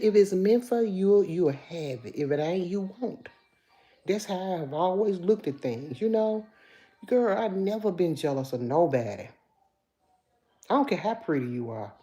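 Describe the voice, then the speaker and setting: This livestream host is a woman in her fifties from Memphis, going by her accent, who chats casually, reads comments from viewers aloud, and says y'all to them. Her voice is mellow and medium-pitched.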